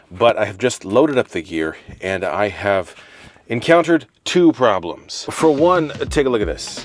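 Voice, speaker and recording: A man's voice: lowish voice, a little mellow. A man vlogging casually about working as a DJ, telling stories in a chatty, self-deprecating way. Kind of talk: casual vlog talk to camera. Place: in a car and at a wedding venue.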